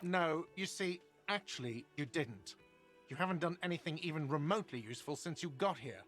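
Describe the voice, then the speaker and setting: A man's voice: fairly high pitch, lively intonation, fairly quick, fairly bright tone, soft background music. Whiny sarcastic innkeeper guy from a game, voice jumps all over. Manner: sarcastic, irritable. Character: whiny, sarcastic male hostel manager. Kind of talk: video game voice acting.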